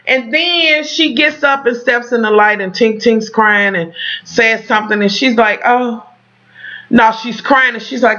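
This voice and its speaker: A woman's voice: fairly high pitch, a little slow, fairly bright tone, dull audio. A woman recapping a TV episode for her viewers, dramatic and profane, talking straight to the camera. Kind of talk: animated casual recap.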